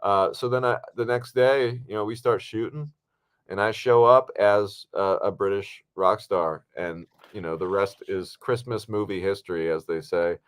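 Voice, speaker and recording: A man co-hosting a podcast from home on a video call, telling a relaxed, rambling story with many fillers. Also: fairly low pitch, normal speed, smooth. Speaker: podcast co-host and actor. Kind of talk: casual podcast chat. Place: home, at a computer.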